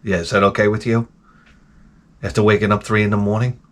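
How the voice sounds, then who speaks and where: This is a casual ranting monologue from a middle-aged man on his own show. His voice is lowish and level, his pace brisk, as he grumbles through a profane, exasperated rant.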